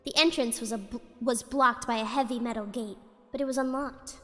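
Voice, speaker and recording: A woman's voice: a little high, fairly even intonation, fairly quick, fairly bright tone, in a large hall, faint music behind. A woman streamer reading a spooky story aloud in a casual way, giggling often and breaking off to chat.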